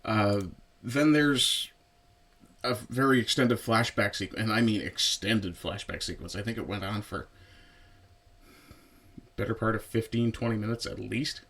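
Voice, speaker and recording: Guy with a lowish voice doing a laid-back movie review, chatty, lots of ums and side comments. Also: measured pace, gravelly, long pauses. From Newfoundland, Canada. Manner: relaxed and conversational, with frequent fillers and asides. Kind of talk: casual spoken film review.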